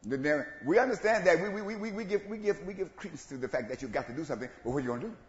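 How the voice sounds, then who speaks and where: A man preaching an animated sermon, swinging between hushed asides and loud calls to the congregation. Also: very fast. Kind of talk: call-and-response sermon. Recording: roomy, dull low-fi church recording with faint ambience.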